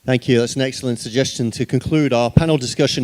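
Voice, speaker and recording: A man moderates a conference panel in a mid-pitched voice. He is polite and a little hesitant, and he uses fillers as he hands the floor to the speakers. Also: steady tone, fast, a little mellow, slight background noise.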